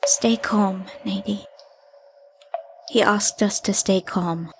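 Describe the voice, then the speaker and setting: A woman voicing a curious, steady young woman who speaks calmly and directly. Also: medium pitch, takes it slowly, gravelly, background noise. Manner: calm, direct, questioning. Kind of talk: audiobook character voice.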